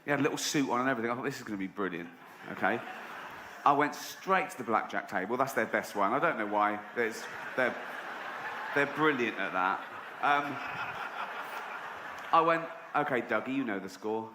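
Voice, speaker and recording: An English man doing stand-up, telling a story in a sardonic way and jumping up in pitch when he voices other people. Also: lively intonation, moderate pace, pauses often. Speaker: stand-up comedian. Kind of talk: stand-up routine. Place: large live venue. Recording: roomy live venue with audience noise.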